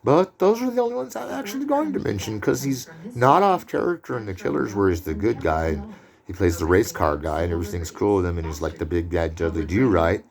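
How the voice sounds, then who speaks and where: A man gives an unscripted film lecture in a low, gravelly voice with some vocal fry. He rambles and drifts into digressions and loose asides. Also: very animated, fairly quick, a crowd in the background.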